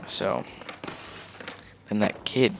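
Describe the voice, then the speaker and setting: A man's voice: very slow, background noise. A young man telling a casual story about his own life, rambling along with fillers and swearing.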